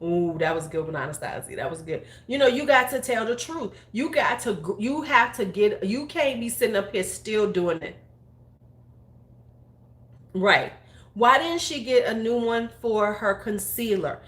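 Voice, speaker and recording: A woman's voice: on the high side, expressive, measured pace, a bit bright. A woman in her forties, a beauty YouTuber, talking bluntly and profanely in casual opinion chat. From United States. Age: 40s. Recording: roomy echo.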